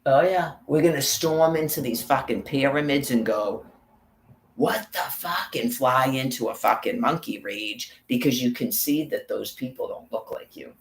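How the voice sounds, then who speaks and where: A man's voice: mid-range voice, moderate pace, gravelly, few pauses, roomy sound, rough recording. A man vlogging on a walk, talking in a rambling, profane monologue and calling out viewers by name. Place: outdoors on a walk.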